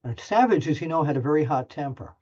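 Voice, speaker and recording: A man's voice: on the high side, animated, fast, warm tone. Older man telling a story, muffled audio. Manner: chatty, self-deprecating, lots of restarts. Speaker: wrestling journalist, guest. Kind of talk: animated storytelling anecdote.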